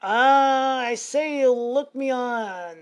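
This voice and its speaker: A woman's voice: high-pitched, slow. A woman from Montana co-hosting a casual podcast, rambling and joking crudely with plenty of swearing. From Montana, USA. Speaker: podcast co-host.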